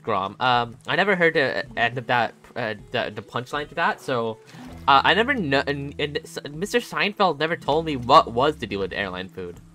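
Young man, animated pitch, bright tone, joking stream chatter, faint music behind. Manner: rambling, joking, laughing often. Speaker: gaming streamer. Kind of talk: casual gaming stream chat.

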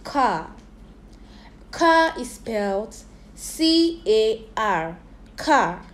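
Woman teacher, phonics drill for kids, very slow, spells words letter by letter, slightly high voice. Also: sing-song. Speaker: English teacher. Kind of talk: phonics lesson for young children.

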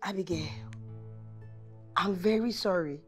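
An actress playing a firm but caring supervisor, speaking earnestly in a film drama. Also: female voice, medium pitch, measured pace, soft background music, natural voice.

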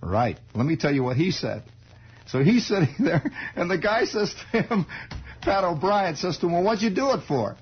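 On a dull-sounding archival tape, a fortysomething American man hosts a radio show with a meandering, wry monologue full of side remarks. His husky voice sits a little high, with lively intonation and a normal speed.

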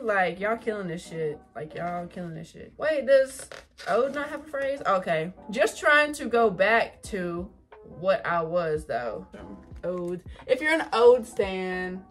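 A young woman gushing over an album unboxing in casual chat, excitable, swearing and full of fillers. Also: mid-range voice, measured pace, faint music behind.

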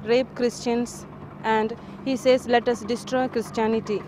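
A woman, a Catholic nun, gravely and deliberately recounting what a leader preached. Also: on the high side, flat delivery, background noise. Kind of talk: interview testimony.

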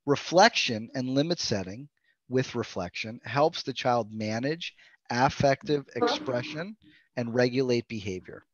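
A man's voice: mid-range voice, lively intonation, measured pace, no room sound. Man giving a training lecture over a dull call line. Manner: earnest, checks in with "right?" and "okay?". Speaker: play therapy trainer. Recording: dull, dry video-call audio.

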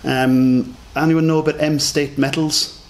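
A man's voice: a little high, flat delivery, takes it slowly. A man with a noticeable accent giving a conference lecture, chatty and self-deprecating, with many fillers. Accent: non-standard English accent. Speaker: conference speaker.

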